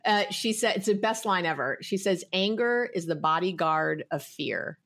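A woman's voice: on the low side, normal speed. Emphatic woman giving advice on a podcast. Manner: emphatic, animated, repeats herself. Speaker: guest advice giver. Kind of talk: casual podcast chat.

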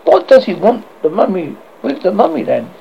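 A brisk, no-nonsense young student who talks bluntly, as a man voices him. His voice sits high with a rough edge. The recording sounds dull and lo-fi. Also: huge pitch swings, a little hiss or hum, heavily acted.

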